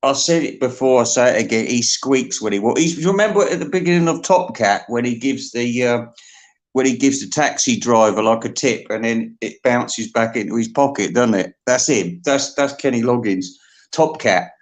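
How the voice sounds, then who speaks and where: A man rambles through a comic monologue in a mid-pitched voice. He plays up mock emotion with theatrical flourishes. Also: moderate pace. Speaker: comedy podcast host.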